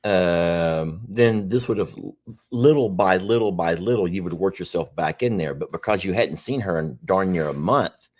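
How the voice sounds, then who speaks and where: A man co-hosting a casual chat, rambling and repeating himself, with sudden high exclamations. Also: moderate pace, darkish tone. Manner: rambling, repeats phrases, jumps up in pitch when exclaiming. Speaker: co-host of a horse sanctuary livestream.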